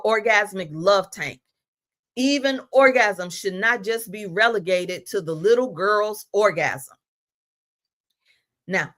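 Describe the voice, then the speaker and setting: A woman giving a spiritual teaching talk, preaching emphatically and reading out declarations. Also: on the low side. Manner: self-aware of talking fast.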